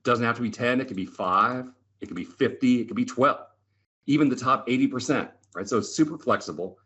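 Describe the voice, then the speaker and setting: A man's voice: medium pitch, brisk, fairly bright tone. A middle-aged man presenting Excel tricks, telling stories in a chatty, enthusiastic way and checking in with "right?". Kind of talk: lively storytelling webinar talk. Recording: slightly dull lo-fi webinar audio.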